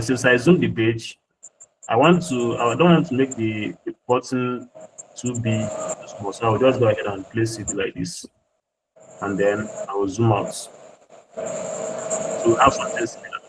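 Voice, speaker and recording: A man's voice: fairly low pitch, noisy background. A man tutoring a graphic design class, talking through each step on screen and repeating points to check his students follow. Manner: patient, repeats himself while working on screen. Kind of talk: screen-share tutorial walkthrough.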